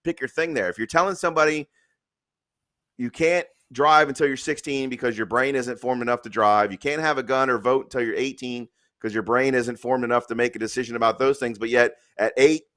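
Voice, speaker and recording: Brisk and a bit bright, this man's mid-range voice leads a live stream of opinionated casual talk. He rants bluntly with profanity, then tells jokes and reads a news story aloud.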